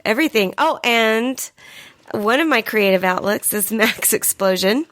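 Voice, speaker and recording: A woman co-hosting a casual podcast chat, sick and a bit hoarse, blunt and joking. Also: a little high, lively intonation, measured pace, fairly bright tone, no echo. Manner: blunt, joking, laughs often. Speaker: podcast co-host. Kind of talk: casual chat over wine.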